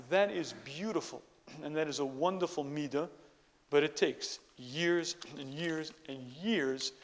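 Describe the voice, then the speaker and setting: A man giving an emphatic religious lecture who often clears his throat. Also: fairly high pitch, a bit bright, big-room sound. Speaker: Torah lecturer.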